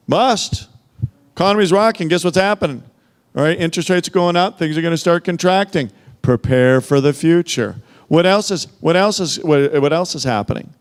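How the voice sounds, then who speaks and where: A man's voice: a little high, clear, resonant tone. A man giving a motivational sales training, emphatic and full of rhetorical questions, speaking into a handheld microphone. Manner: emphatic, peppered with rhetorical "okay?" and "right?".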